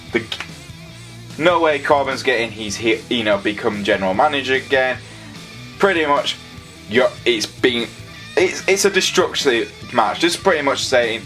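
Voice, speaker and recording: A man's voice: mid-range voice, fairly bright tone. A man giving a casual, sarcastic and rambling review of a wrestling show.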